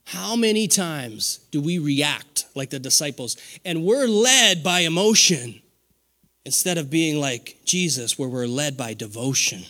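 A man in his forties delivers an animated sermon with call-and-response. His voice sits high and swoops widely in pitch. The tone is bright and forceful. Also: unhurried. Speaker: pastor.

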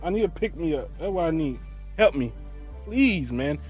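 Guy ranting on his reaction show, high voice all over the place, cussing a lot. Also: normal speed, soft background music. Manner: loud, animated, swearing freely. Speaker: host. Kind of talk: profane reaction commentary.

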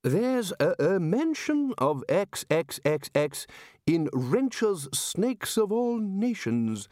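Storybook role: prim, fussy old wizard scholar, high reedy voice, slow and halting played by a male narrator. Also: sing-song, a little mellow, dry recording, clean studio sound, heavily acted. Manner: prim, hesitant.

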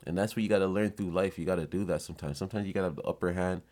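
A man hosting a podcast, telling a story in a swaggering, profane, unhurried way. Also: low-pitched, fairly even intonation, darkish tone. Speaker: podcast host. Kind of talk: casual storytelling.

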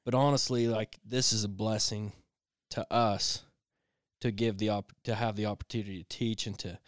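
A man's voice: fairly low pitch, level tone, normal speed, no echo, clean studio sound. A man hosting a casual talk, telling stories in a rambling way with many restarts. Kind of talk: casual conversation.

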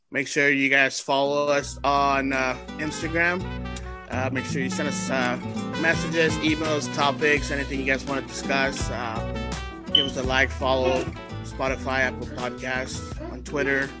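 A man's voice: medium pitch, level tone, measured pace, over loud music. A man hosting a podcast, telling stories in a casual mix of English and Spanish, swearing and laughing often. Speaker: podcast host. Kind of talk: casual storytelling chat.

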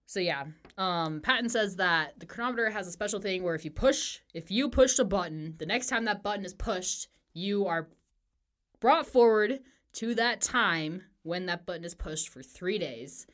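A woman's voice: medium pitch, lively intonation, normal speed, fairly bright tone. A woman co-hosting a podcast, chatting casually about a book and laughing often. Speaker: podcast co-host. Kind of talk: casual book discussion chat.

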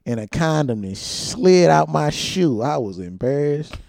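A young man spins slangy stories on a casual podcast, laughing easily. His voice sits a little high and has a gravelly edge. The sound is dry and close. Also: animated, measured pace, a little mellow, dry recording. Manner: laid-back storytelling, slangy, laughs often. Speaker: podcast co-host.

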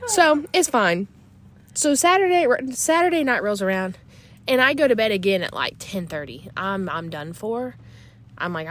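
A woman's voice: fairly high pitch, animated, normal speed, fairly bright tone. A young woman in casual chat, animatedly telling a story, acting out quotes and laughing often.

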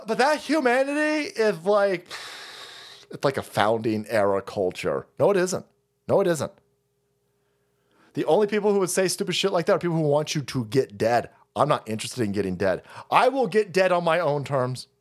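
A man's voice: fairly high pitch, big pitch swings, normal speed. A man hosting a livestream, ranting in a profane, mocking way and laughing often. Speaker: livestream host.

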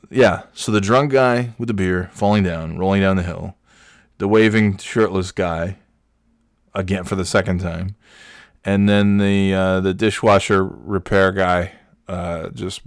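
A man hosting a podcast, telling a rambling story with exasperation, his voice jumping high when he rants. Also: measured pace, clean tone, dry recording, studio quality. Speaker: podcast host. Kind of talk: casual storytelling monologue.

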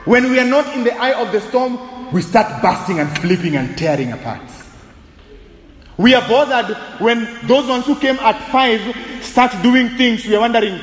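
Animated preacher with a high voice. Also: male voice, normal speed, roomy sound, in a large hall, a little hiss or hum, poor audio. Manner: animated, humorous, switching between English and Swahili. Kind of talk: sermon. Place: church sanctuary.

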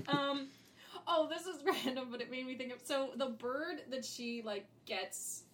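A woman's voice: high voice, slow pace, a bit bright, a little hiss or hum. A young adult woman co-hosting a podcast in casual chat, giggling often and quoting lines in playful voices. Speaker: podcast co-host.

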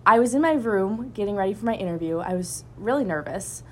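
A young college woman tells a story on a casual podcast, quick and animated, filling gaps with "like" and "um". Her voice sits at a middle pitch for a woman, with a faint hiss behind it. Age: young adult. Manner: animated, breathless storytelling with many fillers. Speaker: student club member.

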